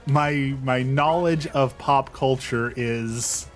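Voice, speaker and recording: A man's voice: mid-range voice, slow. Young guy rambling self-deprecating over his game stream, some faint music behind. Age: young adult. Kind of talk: casual gameplay chat.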